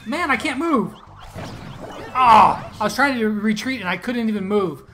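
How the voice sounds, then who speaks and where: A man giving casual, excitable commentary on his own mobile game matches, teasing opponents and laughing at big plays. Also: high voice, measured pace, slight background noise. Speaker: gaming YouTuber. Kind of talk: gameplay commentary.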